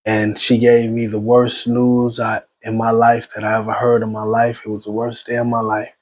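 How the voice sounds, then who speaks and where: A grieving man giving a personal spoken account in an agitated, halting way, full of restarts. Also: mid-range voice, monotone, a little hiss or hum. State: shaken and grieving. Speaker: son recounting his mother's death.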